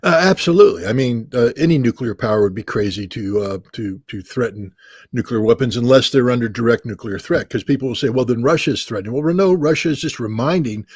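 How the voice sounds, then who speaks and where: A man's voice: medium pitch, lively intonation, fairly quick, a little mellow, husky, no room sound, clean studio sound. A man giving insistent, argumentative commentary as an interview guest, emphatic and driving his points home. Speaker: guest analyst.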